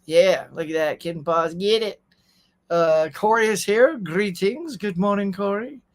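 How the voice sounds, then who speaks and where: A man's voice: high voice, a little slow. A man hosting a casual morning livestream, chatting easily and reading viewer messages aloud. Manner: chatty, reads chat messages aloud, says y'all. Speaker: host.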